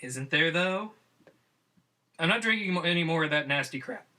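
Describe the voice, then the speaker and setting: A man's voice: a little high, lively intonation, moderate pace, sharp tone. A man voicing a forgetful, bumbling male monkey superhero who talks in flustered exclamations. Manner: flustered, exclaiming, trying to be polite.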